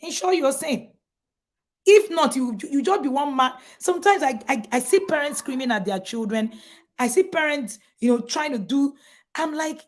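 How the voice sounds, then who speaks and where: Animated Nigerian woman coaching parents. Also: high voice, normal speed. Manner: animated, emphatic, mock-shouting to make points. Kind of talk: motivational talk to parents.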